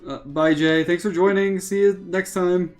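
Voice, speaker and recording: A man's voice: high voice, steady tone, moderate pace, darkish tone. A man livestreaming a video game, chatting loosely with friends and greeting viewers in chat. His delivery is casual and self-deprecating, with faint game music behind. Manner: reads chat, jokes, self-mocking. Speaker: streamer.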